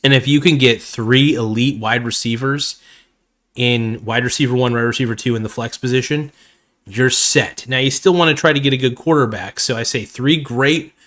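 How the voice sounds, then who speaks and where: Rambling casual man, slightly hoarse. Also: mid-range voice, a bit bright. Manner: rambling, filler-heavy, calls viewers "man" and "guys". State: slightly losing his voice. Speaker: fantasy football video host. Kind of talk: casual live-stream chat.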